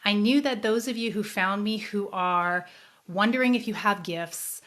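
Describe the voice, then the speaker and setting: A woman, a psychic medium hosting her own show, telling her life story in a casual, earnest and emotional way, her voice softening when sad memories come up. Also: mid-range voice, moderate pace. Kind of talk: casual personal storytelling to a live audience.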